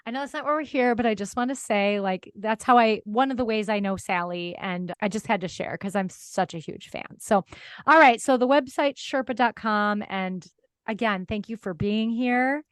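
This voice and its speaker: A woman's voice: mid-range voice, moderate pace, clear, resonant tone, no echo, studio quality. A woman podcast host with a Minnesotan accent, chatting enthusiastically with a guest and laughing often. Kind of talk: casual interview chat.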